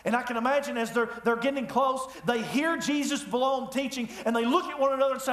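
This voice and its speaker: A man preaching a sermon in a church, telling the story with lively humor. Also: very high-pitched, fast talker, hardly any pauses. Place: church sanctuary. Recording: echoey room.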